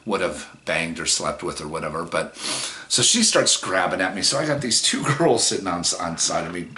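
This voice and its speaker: A man's voice: low voice, pushed and bright, a little hiss or hum. A man in his forties telling a personal story in a casual, rambling way, with plenty of swearing and fillers. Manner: rambling, profane, many fillers. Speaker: vlogger.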